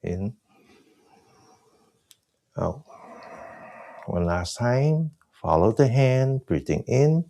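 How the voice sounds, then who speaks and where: A man teaching a breathing class, giving slow, soft guided cues and explaining with more energy. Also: mid-range voice, sing-song, creaky, slight background noise. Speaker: breathing exercise instructor.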